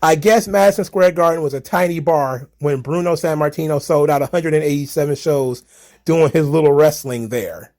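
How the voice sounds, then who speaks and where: A man's voice: fairly high pitch, moderate pace, a little mellow. A young man with a slightly raised voice riffs on viewer comments about wrestling history. He is sarcastic and laughs often. He swears casually as he talks. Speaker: wrestling commentary channel host.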